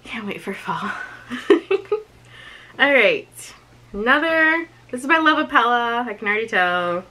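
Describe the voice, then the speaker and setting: A young vlogger unboxes and tries on a clothing box, chatting casually, giggling often and talking to herself. Her mid-range voice is bright and forceful, though the audio is poor.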